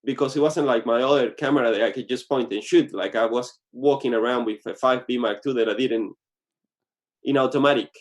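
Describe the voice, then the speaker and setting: A man's voice: medium pitch, fairly quick. A man being interviewed as a guest photographer, talking casually and often restarting his sentences with small slips.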